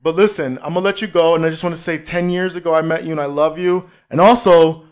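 A man's voice: on the high side, fast, clear, resonant tone. Man, playful podcast host. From Brooklyn, New York. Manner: playful, teasing, loud and animated. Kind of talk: casual podcast chat.

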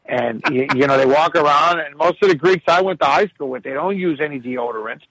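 A man with a gravelly, husky voice spins rambling, profanity-laced stories. His pitch sits a bit high for a man, and the sound is close and dry. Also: brisk, a bit bright, no echo, low-quality recording. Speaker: podcast guest storyteller. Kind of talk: casual chat.

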